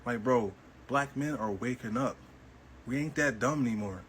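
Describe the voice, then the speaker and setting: A man's voice: medium pitch, moderate pace, fairly bright tone, a little hiss or hum, low-quality recording. A man co-hosting a podcast, talking bluntly and dismissively. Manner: blunt, dismissive, direct address. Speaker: podcast co-host. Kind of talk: podcast commentary.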